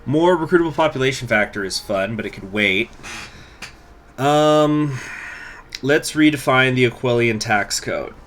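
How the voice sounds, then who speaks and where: A man's voice: medium pitch, unhurried, fairly bright tone, a little hiss or hum. A man muttering through a strategy game. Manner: thinking aloud, muttering, swears. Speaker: gaming channel host. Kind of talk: let's play commentary.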